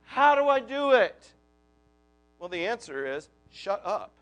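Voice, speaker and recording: A man's voice: high-pitched, big pitch swings, measured pace, fairly bright tone, lo-fi sound, soft background music. A male preacher giving a conversational sermon full of rhetorical questions. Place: church.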